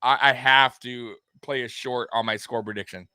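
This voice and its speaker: A man's voice: medium pitch, normal speed, no room sound. Fired-up man hosting a sports stream. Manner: animated, swears, repeats himself, talks straight to viewers. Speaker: sports livestream host. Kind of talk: live postgame commentary to viewers.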